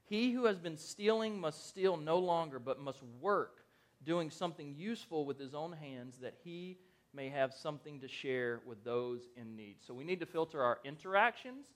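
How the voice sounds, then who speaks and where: A man's voice: fairly high pitch, lively intonation, normal speed. A man in his thirties preaching a conversational sermon, asking the congregation questions and telling stories about his family. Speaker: pastor.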